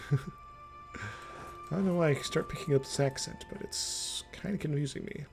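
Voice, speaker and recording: A man's voice: fairly high pitch, moderate pace, soft background music. A man streaming a strategy game live, rambling through his thoughts aloud in a jokey, self-amused way. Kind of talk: casual strategy-game commentary.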